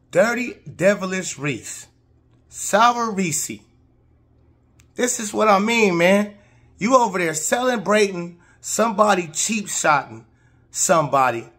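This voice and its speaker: A man with a somewhat high-pitched voice talks through basketball clips in casual, slang-heavy speech. He sounds indignant and heated, and his voice jumps higher and louder when he gets outraged. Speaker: sports commentator. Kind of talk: reaction video commentary.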